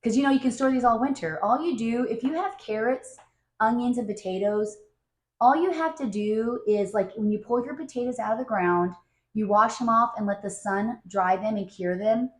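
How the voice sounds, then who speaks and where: A middle-aged woman chatting excitedly about her grocery haul at home, with lots of fillers. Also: a little high, moderate pace, roomy sound, low-quality recording. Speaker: vlogger. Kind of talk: casual grocery haul chat.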